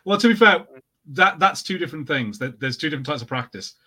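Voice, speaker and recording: Bright-voiced British man, jokey. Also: on the high side, expressive, fast talker. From United Kingdom. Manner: jokey, explains word usage. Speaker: podcast co-host. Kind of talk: casual chat.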